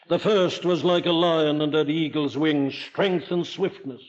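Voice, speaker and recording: Older Welsh-accented preacher, emphatic and questioning, fairly high voice, dull lo-fi sound. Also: male voice, measured pace, few pauses. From Wales. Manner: emphatic, rhetorical questions, rising to forceful declarations. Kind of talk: sermon. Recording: dull lo-fi archival sermon recording.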